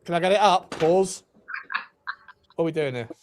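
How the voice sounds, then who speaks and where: A man's voice: on the high side, moderate pace. A man hosting a casual football fan show, chatty and swearing freely. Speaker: podcast host.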